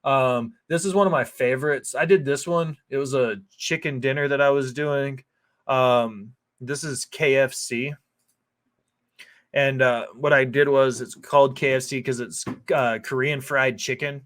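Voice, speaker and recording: A man's voice: medium pitch, fairly even intonation, unhurried, a bit bright. A man who is a chef, talking through a cooking video in a loose, rambling way, swearing freely and filling gaps with "like" and "um". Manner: profane, loose and rambling with lots of fillers. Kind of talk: casual cooking voice-over.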